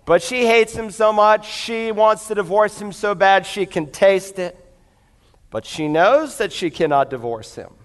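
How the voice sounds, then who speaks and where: A male pastor gives a storytelling sermon to a congregation, often addressing them directly. His voice sits high and rings clear and smooth. It carries the long reverb of a large church hall. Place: church before a live congregation.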